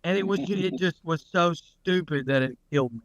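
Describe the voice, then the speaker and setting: A man's voice: on the high side, a little fast, a bit bright, lo-fi sound. A man co-hosting a podcast, chatting casually, swearing freely and acting out the people in his stories. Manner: storytelling, swears freely, puts on voices when quoting people. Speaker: podcast co-host. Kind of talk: casual chat.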